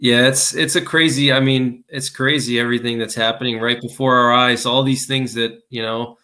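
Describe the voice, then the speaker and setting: Casual male panelist, bright and forward tone, rambling with restarts. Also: medium pitch, fairly even intonation, moderate pace. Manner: thinking aloud, frequent restarts and fillers. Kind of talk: casual podcast discussion.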